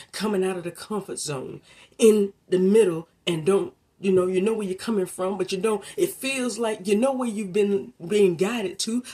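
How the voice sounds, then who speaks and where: A motivational speaker gives a faith-based talk in a preacherly, colloquial style, speaking straight to the listener and shifting from hushed tones to emphatic ones. Her voice is medium-pitched and slightly rough.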